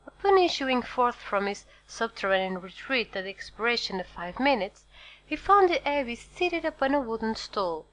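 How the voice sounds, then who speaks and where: A woman narrating a classic novel as an audiobook in a steady, measured storytelling voice. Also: fairly high pitch, rough recording. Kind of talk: scripted narration.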